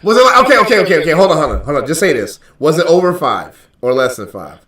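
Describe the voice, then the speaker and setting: A man hosting a trading show, joking and teasing in a lively, animated way, repeating himself as he talks. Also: on the high side, quick pace, reverberant, far from the mic. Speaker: host of a stock trading show. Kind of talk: casual joking livestream banter.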